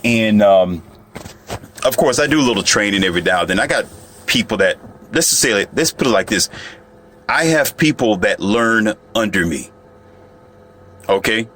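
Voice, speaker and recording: A man's voice: on the low side, expressive, normal speed, long pauses, a bit bright, slight background noise. A man telling a story to the camera in a casual, boastful monologue, often turning to the viewer. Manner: boastful, chatty, addresses viewer directly. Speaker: vlogger.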